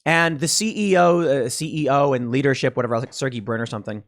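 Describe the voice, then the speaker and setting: A man's voice: medium pitch, fast talker. A man hosting a podcast, giving emphatic, sarcastic commentary. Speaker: podcast host. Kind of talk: opinionated commentary.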